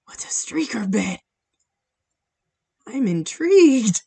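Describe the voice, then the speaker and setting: Painting during a charity live stream, this host giggles and chats casually as she responds to viewers' comments. She speaks slowly in a slightly high, sing-song voice that is creaky, warm and husky.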